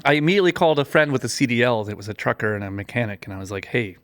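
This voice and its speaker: A man telling a work story in casual chat, lively, with many fillers, acting out the people he quotes with big jumps in pitch. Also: racing, clear, resonant tone. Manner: chatty, many fillers and restarts. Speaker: podcast guest, gaffer and cinematographer.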